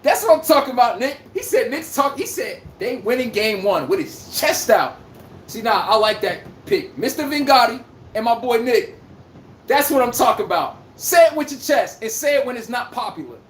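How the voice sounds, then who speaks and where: Male livestream sports host, taunting and loud, lively pitch, roomy echo. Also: moderate pace, a little hiss or hum. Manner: brash trash-talking, taunting, shouts out lines. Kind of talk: heated sports talk to a live chat.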